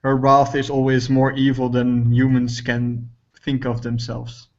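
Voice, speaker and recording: A man voicing an aloof wild ranger who speaks flatly and solemnly. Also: mid-range voice, a little slow, dull audio, natural voice.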